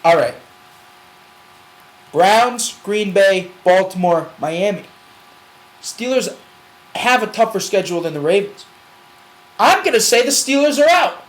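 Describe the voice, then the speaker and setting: A man's voice: high-pitched, expressive, unhurried, pauses often, low-quality recording. A man co-hosting a casual sports show, rambling through predictions and laughing while he argues. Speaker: sports podcast co-host.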